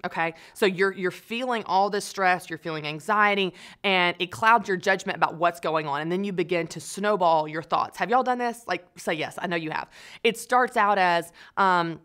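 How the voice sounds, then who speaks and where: A woman's voice: fairly low pitch, moderate pace, clear, resonant tone. Chatty woman giving an upbeat talk. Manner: chatty and animated, acts out spiraling thoughts. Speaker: speaker giving a webinar talk. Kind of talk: encouraging webinar talk.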